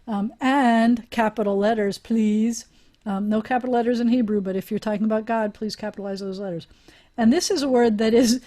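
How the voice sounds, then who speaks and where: A woman's voice: medium pitch, dark tone. A woman rabbi teaching a Hebrew class over a video call, chatty and encouraging, often laughing with her students.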